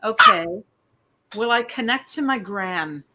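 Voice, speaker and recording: A woman's voice: medium pitch, animated, a little slow, sharp tone. A woman hosting a casual live stream, chatting and reading out viewers' questions. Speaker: host.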